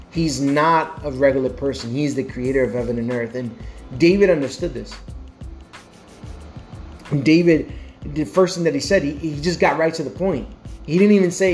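Guy preaching off the cuff, fired up, keeps repeating himself, kinda high voice. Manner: passionate, conversational, repeats phrases. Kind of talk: casual sermon.

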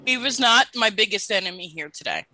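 A woman's voice: medium pitch, animated, sharp tone, dry recording, low-quality recording. A woman in her thirties co-hosting a podcast, blunt and emphatic in casual chat. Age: 30s. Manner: emphatic, slow and blunt, swears when annoyed. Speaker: podcast co-host.

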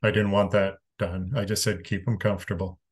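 Speaking fairly quickly in a deep, husky voice, a Canadian interview guest shares a personal story. His manner is frank and conversational, with casual swearing, and he moves between calm and emphatic moments.

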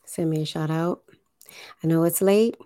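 A woman hosting a spiritual livestream, speaking deliberately, enunciating carefully and guiding listeners through breathing. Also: low voice, warm tone, dry recording, studio quality. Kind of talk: slow spiritual livestream talk.

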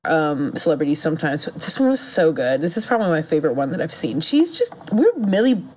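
A woman co-hosting a casual podcast, animated, laughing and swearing freely. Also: low voice, fairly quick, a little hiss or hum. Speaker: podcast co-host. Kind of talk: casual chat.

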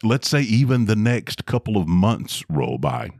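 A middle-aged man co-hosting a podcast, gentle and reflective, offering fatherly advice. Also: fairly low pitch, big pitch swings, measured pace, creaky, no room sound, clean studio sound. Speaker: podcast co-host. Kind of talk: casual chat.

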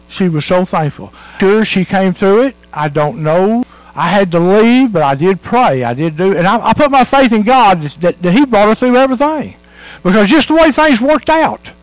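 Male preacher, high animated voice, dry sound, earnest repetitive sermon delivery. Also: no echo, low-quality recording. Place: church.

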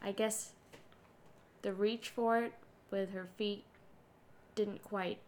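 A woman's voice: mid-range voice, steady tone, takes it slowly, a little mellow, slight background noise. A woman co-hosting a casual chat, telling a family story in a chatty, giggly way. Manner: chatty, giggly, loose phrasing.

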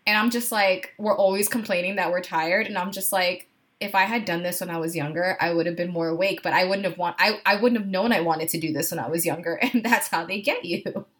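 Bright-voiced tired woman podcaster. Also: lowish voice, fairly even intonation, fairly quick. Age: 30s. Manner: tired, candid, laughs often, swears. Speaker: podcast co-host. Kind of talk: casual podcast chat.

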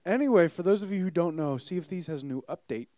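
A man hosting a podcast in casual chat, his voice hoarse, talking animatedly and swearing freely. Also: high voice, expressive, fast, warm tone, dry recording. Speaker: podcast host.

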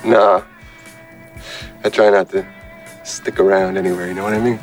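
A man's voice: low voice, level tone, moderate pace, soft background music, lightly acted. An actor playing a cool, laid-back young male hitchhiker, talking in an easygoing drawl in a film scene. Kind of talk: film dialogue.

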